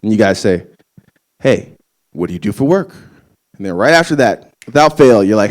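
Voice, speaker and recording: A man's voice: fairly low pitch, sing-song, normal speed, pauses often. A young man working a crowd in a stand-up set, talking loosely and swearing freely as he spins his stories. His delivery is casual and conversational, in a live comedy venue. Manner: loose, profane, conversational storytelling.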